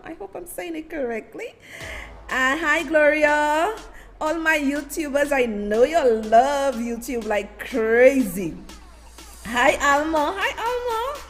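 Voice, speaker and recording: A woman hosting a live stream, chatting and effusively greeting her viewers by name. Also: high voice. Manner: animated, effusive, sing-song shout-outs. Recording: faint music behind.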